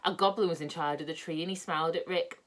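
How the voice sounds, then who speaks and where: A woman reading a children's book aloud in a lively, expressive way. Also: fairly low pitch, quick pace. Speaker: storyteller.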